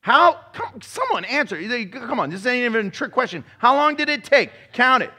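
A male pastor delivering a lively sermon with a fairly high voice. He acts out voices and slips into mocking impressions as he preaches. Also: normal speed, breathy edge.

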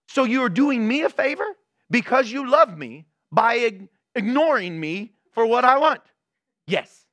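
High, bright-voiced preaching man. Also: expressive, normal speed, no room sound, studio quality. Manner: conversational, rhetorical questions; acts out everyday scenes. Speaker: pastor. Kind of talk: sermon.

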